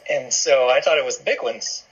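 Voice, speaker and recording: A man chatting casually as host, relaxed and reactive. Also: mid-range voice, fairly quick, husky, lo-fi sound. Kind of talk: casual chat.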